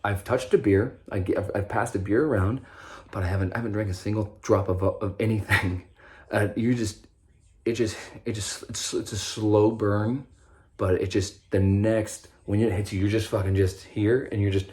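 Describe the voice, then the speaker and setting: A young man with a low voice talks straight to the camera in an unscripted monologue. He rambles and swears freely, breaking off and restarting his sentences. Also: fairly even intonation, moderate pace, a little mellow. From Nebraska. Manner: rambling, profane, stop-start with many restarts. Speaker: vlogger sharing recovery story.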